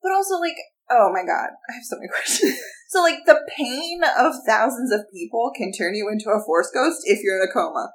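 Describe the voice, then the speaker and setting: A woman co-hosting a casual book-discussion podcast, animated and exasperated, laughing often. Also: on the high side, brisk, hardly any pauses. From New York. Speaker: podcast co-host.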